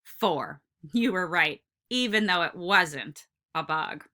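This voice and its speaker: For her recorded kindergarten lesson, a woman uses a lowish but bright and lively voice that glides up and down. She keeps things slow, encouraging and drawn out so the little ones can follow.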